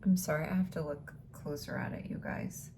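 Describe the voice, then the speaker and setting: A woman's voice: low-pitched, fairly even intonation, brisk, gravelly, dark tone, slight background noise. A woman vlogger chatting casually as she unboxes beauty samples, thinking aloud and now and then dropping into a whisper.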